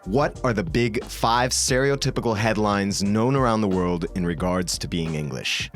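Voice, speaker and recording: Low-voiced man hosting a podcast chat. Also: normal speed, soft background music. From Bolivia. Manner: playful, asks questions and steers the talk. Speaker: podcast host. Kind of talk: casual chat.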